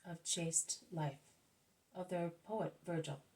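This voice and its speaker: A woman voicing a calm, patient male master. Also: lowish voice, poor audio. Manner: measured, patient explaining.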